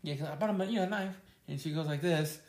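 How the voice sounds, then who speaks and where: A man's voice: a little high, fast talker, darkish tone. A man co-hosting a podcast, joking around and telling stories with frequent laughs. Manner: jokey storyteller, laughs often. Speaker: podcast co-host. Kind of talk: casual podcast banter. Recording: echoey room.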